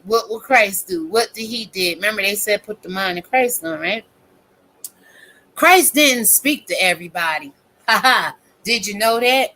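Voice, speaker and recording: A woman content creator rants in a casual commentary vlog, quoting scripture and cursing heavily in a preachy, fiery way. Her voice is slightly high, bright and forceful, and the recording sounds rough.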